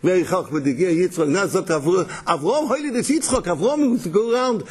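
A man's voice: high-pitched, expressive, fast talker, husky. A man giving a Torah lecture, mixing Yiddish and Hebrew terms, often repeating words and restarting. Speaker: Torah teacher.

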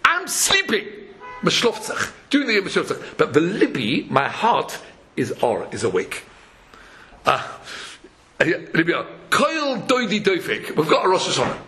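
Speaking at a normal speed in a slightly high voice, this Torah lecturer gives a lively sermon. He chants scripture, performs the parables and quotes, and frequently breaks into chuckles.

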